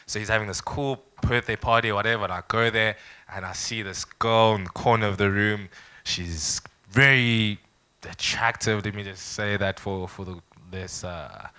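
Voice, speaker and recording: A young man from South Africa spins a personal anecdote for a live audience at a founders' event. His voice is bright and forward, and he slips into quick impressions of the people in his story. He keeps the room with him in a casual, storytelling style. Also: lowish voice, smooth. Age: young adult. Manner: lively anecdotal storyteller, acts out quoted people. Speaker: startup founder speaker.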